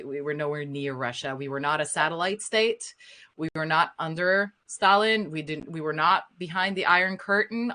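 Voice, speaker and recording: Emphatic Slovenian woman, bright voice. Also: low-pitched. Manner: emphatic, animated, frank. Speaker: voice actor, panelist. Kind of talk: panel discussion.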